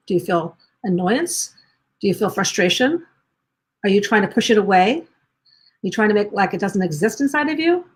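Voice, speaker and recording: Speaking gently on a live stream for parents, a woman in the role of parenting coach asks one question after another, frequently restarting and rephrasing within sentences. Her voice falls in the mid range.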